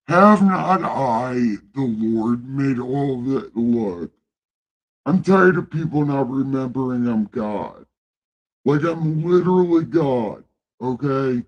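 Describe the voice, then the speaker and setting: A man playing an exasperated, irritable God in a comic Bible reading with ad-libs, ranting and whining. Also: medium pitch. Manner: exasperated, whiny comic rant.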